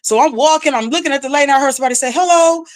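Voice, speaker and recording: A woman's voice: sits high, very fast. A woman rapper, telling a story as a podcast guest and acting out what people said. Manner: animated, acts out quotes, frequent "like". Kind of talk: casual storytelling.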